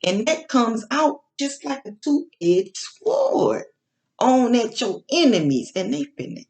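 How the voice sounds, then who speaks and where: A woman preaches in a loose, unscripted monologue, circling back to the same phrases and building emphasis as she goes. Her pitch swings widely as she talks. She takes her time, speaking slowly and drawing words out. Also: big pitch swings, vocal fry, darkish tone. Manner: informal slang, frequent restarts. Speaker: online speaker on faith and love. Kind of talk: casual spoken sermon-style monologue.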